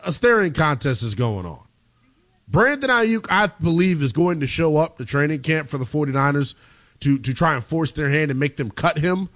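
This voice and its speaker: A man hosting a sports radio show, giving opinionated, measured commentary from a studio. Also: a little high, fairly bright tone.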